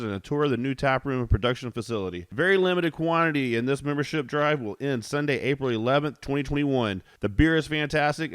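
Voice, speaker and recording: A man's voice: medium pitch, clear, resonant tone, dry recording, studio quality. A man, the host of a beer show, reading sponsor spots in an easygoing way. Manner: easygoing, laughs along. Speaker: podcast host. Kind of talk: casual chat and read ads.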